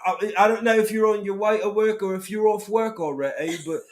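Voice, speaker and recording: A man co-hosting a casual livestream chat, joking and bantering playfully with his co-host and greeting viewers in a relaxed, slangy way. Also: high voice, a little fast.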